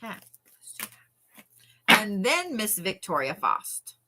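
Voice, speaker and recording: A woman doing a chatty, animated live-stream card reading as a tarot reader. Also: medium pitch, takes it slowly, very noisy. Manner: chatty and animated, with frequent laughs and yawns.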